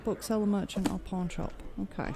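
A man's voice: high-pitched, fairly even intonation, a little fast, gravelly. A man giving casual, joking commentary while playing a video game, thinking aloud. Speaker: let's play gamer. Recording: game sounds and music behind.

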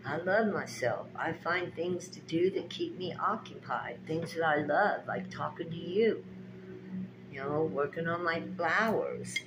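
A woman giving a slow, drawn-out spiritual pep talk and tarot reading. She talks straight to her viewers in an emphatic, preachy, folksy way and repeats her phrases. Steady background noise runs under her voice. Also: deep voice. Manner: folksy, direct address to viewers.

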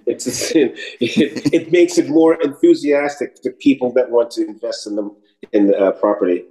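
Animated New man telling stories. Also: mid-range voice, normal speed, poor audio. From New York City. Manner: animated storyteller, slips into accents and voices. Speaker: actor guest. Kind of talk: casual interview chat.

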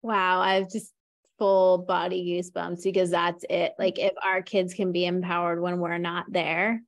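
A woman's voice: on the low side, level tone, a little slow. A woman hosting an online interview, enthusiastic and full of thanks for her guests. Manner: warm, effusive, enthusiastic. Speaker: host and tapping school teacher. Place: video call.

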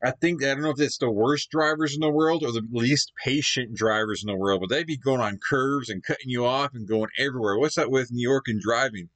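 A man's voice: medium pitch, fairly quick, few pauses, a bit bright, no echo. A man hosting a reaction channel, chatting casually and rambling, with apologetic little laughs. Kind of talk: casual chat.

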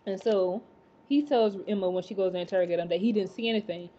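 A woman casually recapping a TV episode, rambling with many fillers and excited exclamations. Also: medium pitch, fast talker, dull audio. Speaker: TV episode reviewer.

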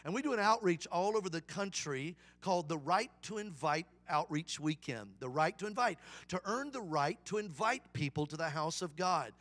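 A man's voice: a little high, normal speed, few pauses. A middle-aged man, a guest evangelist, preaching a folksy, humorous sermon. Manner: folksy, animated storyteller with humor.

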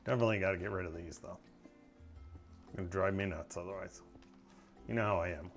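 Guy streaming a game, gravelly voice, talks to chat, faint music behind. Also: low-pitched, fast. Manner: chatty, talks to viewers while playing. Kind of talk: casual gameplay commentary.

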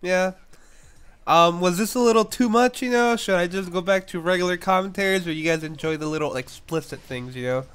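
Briskly and with a fairly bright tone, a YouTube gaming commentator with a cold rambles through his story. His voice is fairly high, smooth and clear despite the stuffed nose and occasional cough, and he keeps giggling between words.

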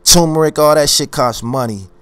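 A man's voice: a little high, normal speed, fairly bright tone, clear, resonant tone. Boastful, confrontational male vlogger. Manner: boastful and confrontational, repeats phrases for emphasis. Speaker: YouTube commentary host. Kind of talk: unscripted ranting commentary.

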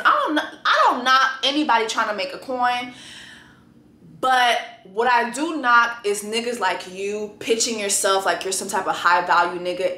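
A young woman hosting a casual review show, talking bluntly and profanely with sudden loud exclamations. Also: a little high, roomy sound. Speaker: YouTube show host.

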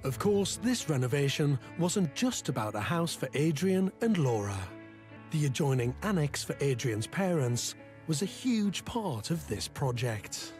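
Man, Sunderland accent, TV voiceover, lively sing-song pitch, slightly high voice, faint music behind. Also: unhurried. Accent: Sunderland, northeast England. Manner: little upward glide at the end of each phrase. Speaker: TV presenter. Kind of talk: scripted documentary voiceover.

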